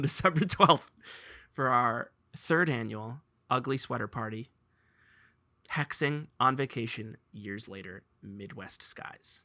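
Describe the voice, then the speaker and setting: Young guy podcast host, super bright tone, dry close mic, laughs a lot telling stories. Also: medium pitch, measured pace, no echo. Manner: animated storyteller, laughs while telling. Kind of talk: casual podcast chat.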